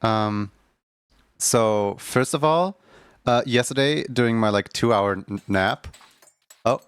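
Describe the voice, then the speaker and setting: A man's voice: mid-range voice, slow, clean tone, no room sound. A young man chatting casually on a livestream, telling a rambling story full of fillers and restarts. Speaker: streamer.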